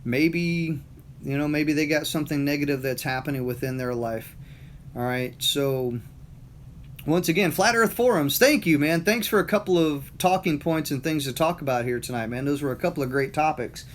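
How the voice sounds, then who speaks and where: A man in his fifties giving casual motivational talk on a livestream, relaxed and folksy with easy fillers. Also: fairly high pitch, moderate pace, slight background noise. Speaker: motivational vlogger.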